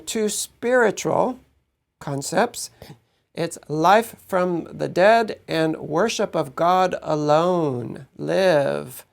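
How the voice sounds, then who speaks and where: A man walks his congregation through a Bible passage in an unhurried, explanatory way. His voice has a gravelly fry, and he keeps a slow pace. He often checks in with a quick "right?". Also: sits high. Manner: explanatory, measured, asks "right?" to listeners. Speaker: teacher of a Messianic congregation. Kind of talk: Bible teaching.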